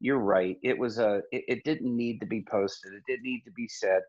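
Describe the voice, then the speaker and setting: A middle-aged man with a fairly low voice talks earnestly in a relaxed podcast chat, circling back and restarting his sentences often. The recording sounds somewhat dull and lo-fi. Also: normal speed. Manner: earnest, rambling with many restarts. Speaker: pastor and podcast guest. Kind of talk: casual conversation.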